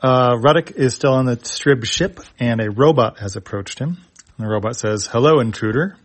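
Man, comic reader, medium pitch, plain narration. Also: normal speed. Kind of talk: reading a webcomic aloud.

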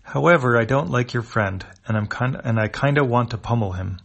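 A man's voice: medium pitch, a little fast, vocal fry, muffled recording. A man voicing a curious, blunt female dog alien in a read-aloud comic.

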